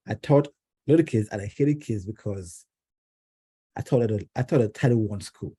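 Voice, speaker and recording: A man's voice: mid-range voice, dark tone, husky. A man from Jamaica giving a personal speech at a club meeting, telling a family story with acted-out quotes and frequent restarts.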